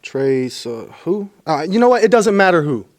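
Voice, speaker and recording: A man's voice: sits high, very animated, moderate pace. A man cutting a wrestling promo as a wrestler, boastful and dismissive, complaining about his matches.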